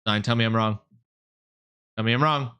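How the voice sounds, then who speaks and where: A man live-streaming, chatting with his viewers in a lively, mock-indignant way and swearing freely. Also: fairly low pitch, normal speed, smooth. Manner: animated, mock-indignant, swears freely, talks straight to chat.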